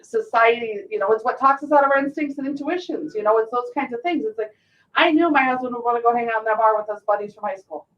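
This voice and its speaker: A middle-aged woman host with a fairly high voice tells stories animatedly, acting out other people's lines. She sounds set back from the microphone, and the recording is muffled and dull. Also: fast talker. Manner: animated storyteller, acts out quotes. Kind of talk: casual talk show chat. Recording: distant muffled mic.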